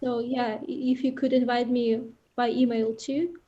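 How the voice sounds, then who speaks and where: A woman talks casually on a video call, often pausing to search for words. Her voice sits a little high, yet its tone stays mellow and warm. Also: little pitch movement, highs cut off. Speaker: new translation proofreader.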